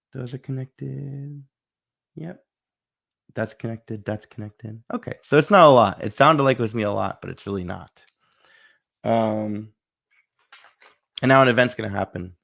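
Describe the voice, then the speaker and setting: Host: man, low gravelly voice, chatty think-aloud board game playthrough. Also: a bit bright. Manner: chatty, thinks aloud, acts out little bits.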